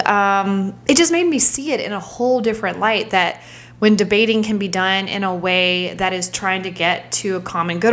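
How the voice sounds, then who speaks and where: Woman in her 30s vlogging, thinking out loud, candid and searching, drops to a whisper sometimes. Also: mid-range voice. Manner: candid, searching, trails off into soft whispers when reliving moments. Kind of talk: reflective personal storytelling.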